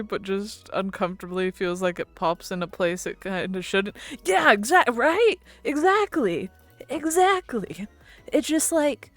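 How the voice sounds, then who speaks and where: A woman's voice: a little high, dry recording. A woman streaming, chatting casually and giggling with her viewers, swearing now and then. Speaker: VTuber streamer.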